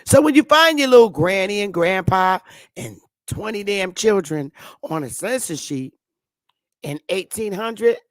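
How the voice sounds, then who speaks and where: A woman in full rant on her live stream, hammering the same questions again and again with plenty of profanity. Her voice sits at an ordinary middle pitch, and the sound is dry and close with no room echo. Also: expressive, unhurried. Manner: emphatic, profane, repeating rhetorical questions.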